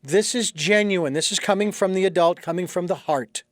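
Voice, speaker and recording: A man hosting an interview, asking careful, deliberate questions. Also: high-pitched, no echo, studio quality. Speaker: podcast host.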